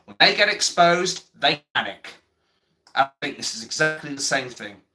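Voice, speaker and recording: Brash, animated man ranting. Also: fairly high pitch, normal speed. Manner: blunt, heavy swearing, repeats himself; reads and answers viewer chat. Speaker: livestreamer. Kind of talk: ranting political livestream commentary.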